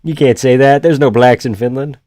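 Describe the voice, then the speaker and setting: A man doing casual, profane live-stream commentary on a fight from a room in his house. He shouts at big moments and talks low between them. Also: fairly quick, dry recording, clean studio sound. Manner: excitable, profane, yells at the screen then chats quietly.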